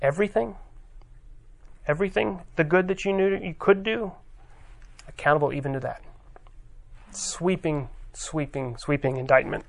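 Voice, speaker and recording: A man preaching a conversational sermon, reading scripture aloud and pausing often with fillers. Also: fairly high pitch, creaky.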